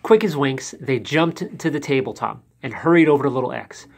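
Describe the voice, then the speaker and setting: A man reading a children's picture book aloud as a storyteller, in a lively, expressive way. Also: medium pitch, brisk, vocal fry.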